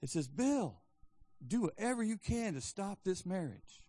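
A man voicing an amused older male pastor who teases a young couple with a chuckling, drawn-out delivery. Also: sits high, very animated, warm tone, a little hiss or hum, voice pushed up.

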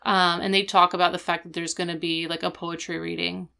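A young woman with a low, smooth, clear voice recaps a TV episode in casual chat. She retells the plot in quick, animated bursts, filled with "like" and "um". She slips into the characters' voices as she goes. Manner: animated storytelling, acting out the characters' lines; chatty, with many fillers like "like" and "um". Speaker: podcast co-host.

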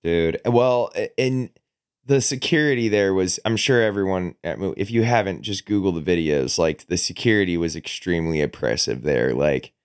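Very deep-voiced slangy podcast guy. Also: normal speed, smooth. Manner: blunt, slangy, says "dude" a lot. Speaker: podcast co-host. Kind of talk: casual chat.

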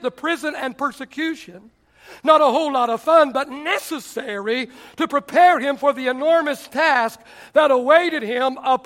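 A man preaching a sermon as pastor, telling stories and acting out the people he quotes. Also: very high voice. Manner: animated storytelling preacher, acts out quotes.

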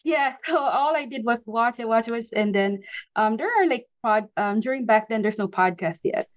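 A woman's voice: fairly high pitch, moderate pace, no echo, lo-fi sound. Laughing woman telling her story. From Philippines. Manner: animated, laughs often, frequent restarts. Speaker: podcast guest. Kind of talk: casual interview storytelling.

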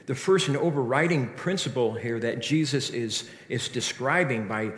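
A man's voice: medium pitch, normal speed. A man preaching a sermon with earnest rhetorical questions and frequent restarts. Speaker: pastor. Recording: echoey hall reverb.

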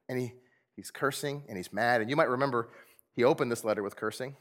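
A man's voice: medium pitch, fast. A man preaching a conversational sermon, laughing often and asking his congregation rhetorical questions. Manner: animated, conversational, with frequent laughs. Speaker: pastor.

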